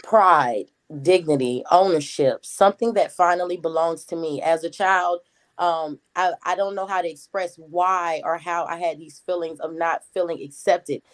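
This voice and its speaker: A woman in her thirties with a Gullah Geechee accent, a talkative community activist answering interview questions in a steady flow. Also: lowish voice, rough recording. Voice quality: talkative, words flow quickly.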